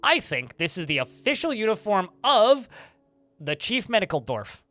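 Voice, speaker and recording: A male streamer telling a rambling, chatty story during a live game session, swearing casually and restarting his sentences. His voice sits a little high and has a bright, forceful edge. Faint music plays underneath. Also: big pitch swings, normal speed.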